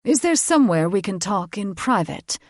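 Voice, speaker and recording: A woman's voice: mid-range voice, very animated, moderate pace, no room sound, clean studio sound, close to an everyday voice. A woman narrator voicing a haughty, condescending male fae lord in an audiobook. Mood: mocking. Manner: condescending, faintly mocking. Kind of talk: audiobook character voice.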